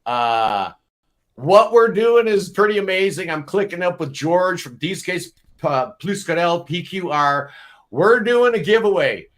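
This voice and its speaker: A man with a fairly high voice hosts a relaxed live-stream panel. He chats along in an upbeat way and teases his guests good-naturedly. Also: unhurried. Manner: chatty, teasing, upbeat. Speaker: host.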